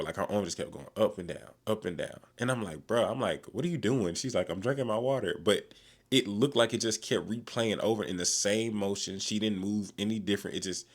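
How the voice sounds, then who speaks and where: A man's voice: fairly low pitch, fairly quick. A man casually telling a story about himself, slangy and full of swearing, recording himself on a phone in a car. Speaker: vlogger.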